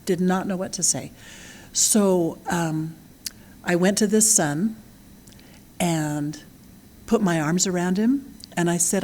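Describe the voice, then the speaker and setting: A woman's voice: lowish voice, measured pace, long pauses, a little mellow, slight background noise. A middle-aged woman speaking earnestly to parents, telling personal stories in a conversational way, often checking in with "right?". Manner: earnest, storytelling, with frequent "right?" and "um". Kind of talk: conversational talk.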